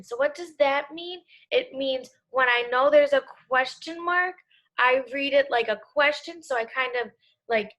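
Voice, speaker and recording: A young woman teacher leads an online reading lesson for small children. Her voice sits high and bright. She speaks slowly and clearly, with an encouraging tone. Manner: slow, clear and encouraging, talks to kids.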